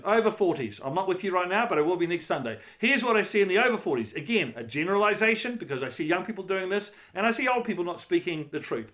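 High-voiced man preaching conversationally. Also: a bit bright. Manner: conversational, emphatic preaching with rhetorical questions. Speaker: pastor. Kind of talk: sermon.

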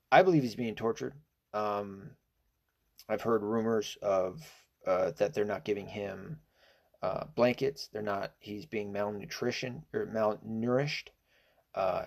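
Gravelly low-voiced man ranting. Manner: rambling, hesitant with many fillers and restarts; profane and indignant. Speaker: political commentator. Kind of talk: casual opinion monologue.

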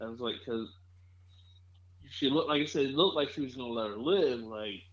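A man's voice: medium pitch, moderate pace, muffled recording. A man co-hosting a podcast in laid-back casual chat, often checking facts with "right?". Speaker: podcast co-host.

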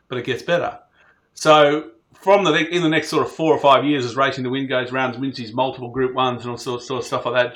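A man tells a long story in a loose, chatty way. His voice sits at an ordinary middle pitch, and he keeps circling back with fillers and quoted lines from other people. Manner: rambling, animated, filler-heavy anecdote. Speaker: racing industry panelist telling a story. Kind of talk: casual storytelling.

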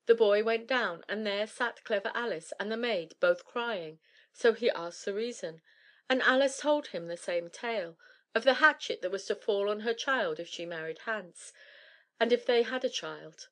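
Woman narrator, measured storybook reading, middle pitch.

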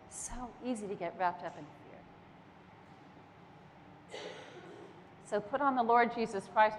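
A woman preaching a sermon in a church, earnest and emphatic, with slow pauses between phrases. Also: fairly high pitch, a little hiss or hum. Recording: long hall reverb.

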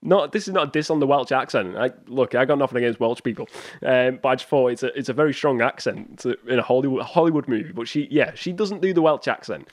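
A man's voice: medium pitch, quick pace, no echo. A man hosting a solo movie podcast, chatting casually and rambling with restarts and small chuckles. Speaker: podcast host.

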